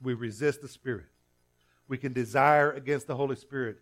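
A man's voice: medium pitch, steady tone, normal speed, faint music behind. A male pastor preaching a sermon earnestly, often restarting and repeating himself.

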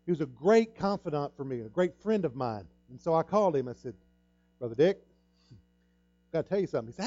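A middle-aged man preaches with a mellow, rather high voice, telling a story from his own life in earnest, repeating his words. The sound is dry and a bit dull, like a modest lo-fi church recording. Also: expressive, brisk, dry recording. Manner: earnest storytelling, repeats himself, acts out quoted dialogue. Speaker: pastor. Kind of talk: sermon.

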